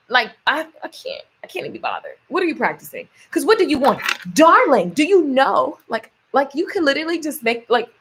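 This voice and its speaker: In a casual vlog, a woman with a high, slightly bright, breathy voice tells playful stories and motivates her listeners. Laughter runs through her talk, and she often does voices for quoted lines.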